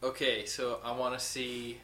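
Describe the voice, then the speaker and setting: A young man in casual chat, playful and joking, stumbling over words when excited. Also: mid-range voice, measured pace. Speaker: podcast co-host. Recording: echoey room with faint noise.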